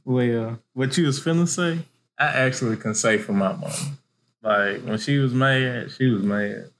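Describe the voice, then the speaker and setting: A man's voice: mid-range voice, normal speed, fairly bright tone. A man, co-hosting a podcast in a laid-back casual chat. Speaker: podcast co-host.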